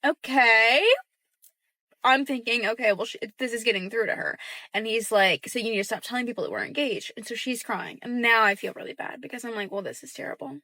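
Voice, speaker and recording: A young woman casually telling a story about her roommate, quietly acting out the dialogue. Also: on the high side, brisk, dry recording. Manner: chatty, acts out quoted dialogue in a hushed voice.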